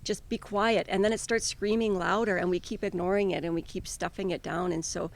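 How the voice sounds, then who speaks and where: Woman co-host, life coach, earnest and encouraging, fry-heavy gravelly voice. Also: lowish voice, brisk. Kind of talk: casual conversational podcast.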